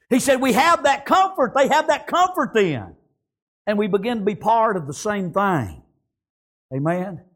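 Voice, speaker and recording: Fervent male preacher, very high voice, lively swooping delivery, peppers every line with amen, bursts into shouts. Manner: fervent, constantly punctuating with amen and praise God; swings between low murmurs and shouted emphasis. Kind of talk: sermon.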